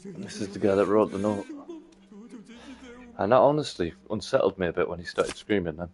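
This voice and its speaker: A man's voice: sits low, normal speed, a little mellow. A man giving casual gameplay commentary, musing to himself with wry asides.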